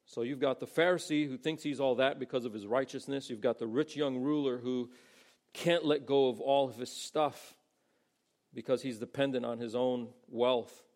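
Male pastor, gravelly voice, easygoing sermon delivery with quoted voices. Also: medium pitch, steady tone, normal speed, a little mellow. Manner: conversational, acts out quoted voices.

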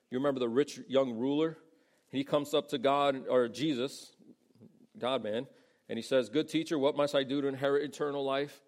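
Male pastor, gravelly voice, easygoing sermon delivery with quoted voices. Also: medium pitch, a little mellow. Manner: conversational, acts out quoted voices.

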